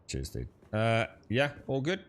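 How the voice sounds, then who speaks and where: A man's voice: medium pitch, wildly swooping pitch, a little slow. A young man chatting casually while playing a co-op game with friends, thinking aloud and laughing easily. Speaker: gamer streaming co-op play. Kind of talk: casual gaming chat.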